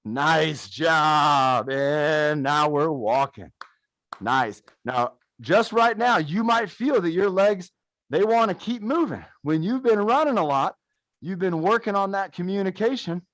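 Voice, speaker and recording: A man coaching viewers through a gentle follow-along workout while narrating footage of a race, upbeat and encouraging. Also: sits high, expressive, normal speed, no echo. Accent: American. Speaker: fitness coach.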